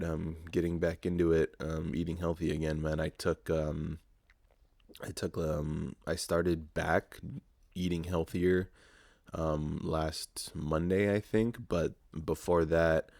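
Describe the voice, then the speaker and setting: Young man, early 20s, very deep voice, dry close mic, profane rambling podcast chat. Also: creaky, a little mellow, dry recording. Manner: profane, rambling, self-mocking storytelling. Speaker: podcast host. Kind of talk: casual solo podcast monologue.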